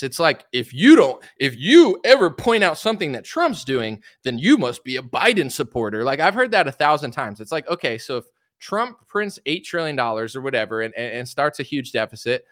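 Sarcastic, animated young man ranting. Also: medium pitch, normal speed, no room sound, studio quality. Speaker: political commentator. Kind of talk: opinionated commentary livestream.

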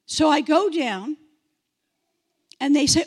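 High-voiced woman telling a lively testimony. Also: a little slow, long pauses. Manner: animated, acts out quoted voices. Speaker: testimony speaker. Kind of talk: personal testimony storytelling. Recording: long hall reverb.

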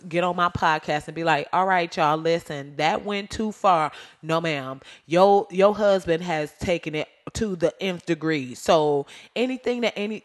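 A woman hosting her own podcast, ranting in a casual, slangy way, laughing often and going off on tangents. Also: lowish voice. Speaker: podcast host. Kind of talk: casual solo podcast rant.

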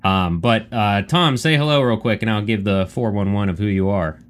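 Lower-voiced man hosting a loose podcast. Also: moderate pace. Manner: rambling, stumbling restarts, casual swearing. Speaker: podcast host. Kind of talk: casual chat.

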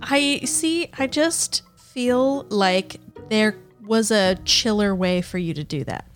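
A woman's voice: mid-range voice, expressive, takes it slowly, faint music behind. Playful woman co-host. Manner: playful, teasing reactions. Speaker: podcast co-host listening. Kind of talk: casual chat.

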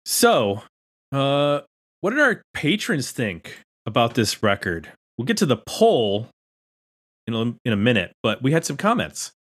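A man co-hosting a casual music podcast, his voice sitting right in the middle of the male range. He reads listener comments with an upbeat, animated lilt and chats in a relaxed way between them. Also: medium pitch, unhurried, breathy edge. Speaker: podcast co-host. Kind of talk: casual chat, reading listener comments aloud.

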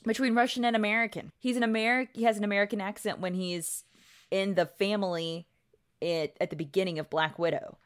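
A woman's voice: medium pitch, fairly even intonation, a little fast, smooth. A woman co-hosting a casual podcast discussion who argues her point firmly, with frequent restarts. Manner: firm, argumentative, many restarts. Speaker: podcast co-host.

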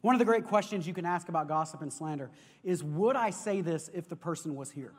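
A man preaching a sermon as pastor, telling stories in an animated way and often repeating words as he goes. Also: a little high, brisk. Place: church sanctuary. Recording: long reverb of a large hall.

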